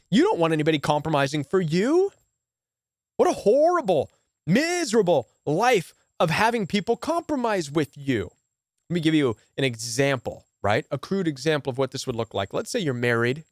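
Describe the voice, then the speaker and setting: A man's voice: fairly high pitch, dry recording. Emphatic man coaching, dry close sound. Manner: emphatic, repetitive, asks rhetorical "right?". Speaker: relationship coach. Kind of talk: direct-to-camera commentary.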